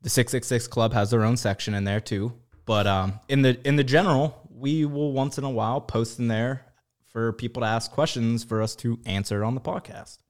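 A man's voice: mid-range voice, fairly even intonation, moderate pace. A man co-hosting a podcast in easygoing, joking casual chat. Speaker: podcast co-host.

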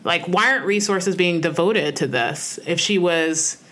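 A woman co-hosts a podcast, chatting casually in an earnest, reflective way and often filling gaps with "like" and "you know." Her voice is lowish and a bit bright, and she speaks at a measured pace.

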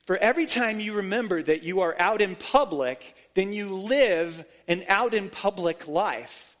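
Earnest higher-voiced male preacher. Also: expressive, measured pace, hardly any pauses, fairly bright tone. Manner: earnest, emphatic preaching with repetition. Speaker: pastor. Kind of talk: sermon.

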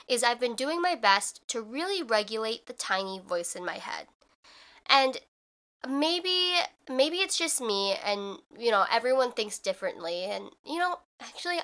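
A woman's voice: medium pitch, bright, forceful tone. A young woman hosting her own podcast, talking in a chatty, reflective way with lots of fillers. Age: young adult. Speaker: podcast host. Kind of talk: casual solo podcast talk.

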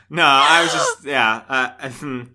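A young man co-hosting a podcast, a comedian who tells stories in casual chat with quick jokes and casual swearing. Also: medium pitch, sharp tone. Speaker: podcast co-host and stand-up comic.

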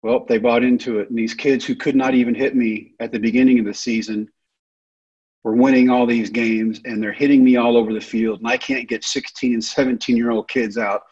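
A man's voice: medium pitch, steady tone, brisk, darkish tone, husky, highs cut off. A man, telling his life story and acting out the other people's lines. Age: 30s. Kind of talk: storytelling talk.

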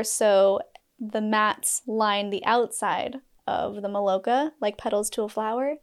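A woman's voice: fairly high pitch, a little mellow. A woman from Utah telling a personal story in a candid vlog, breaking off with laughs and asides. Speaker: storyteller sharing a personal experience.

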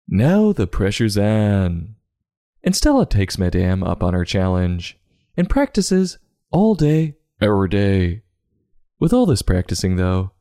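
A man hosting a comedic book review, sarcastic and crude, with deadpan asides. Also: low-pitched. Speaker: podcast host reviewing a book.

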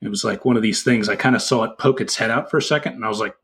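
A man's voice: lowish voice, racing, slight background noise. A man co-hosting a podcast, chatting casually and telling stories with lots of fillers. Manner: relaxed storytelling, many fillers. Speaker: podcast co-host. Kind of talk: casual chat.

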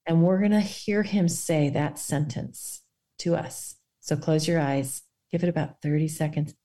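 A woman guest on a faith podcast, speaking earnestly and guiding listeners through a quiet reflection. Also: low-pitched, fairly even intonation, a little slow.

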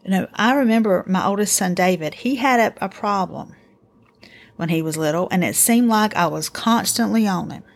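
A middle-aged woman hosting a casual faith-based parenting talk, earnest and encouraging, telling family stories in an animated way. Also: mid-range voice, moderate pace, creaky. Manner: earnest, encouraging, animated storytelling with acted quotes. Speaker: podcast host.

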